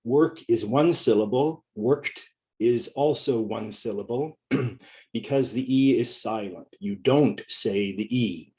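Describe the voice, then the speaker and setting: A man's voice: medium pitch, unhurried, darkish tone. A middle-aged man teaching a pronunciation lesson, speaking carefully and repeating each word for learners.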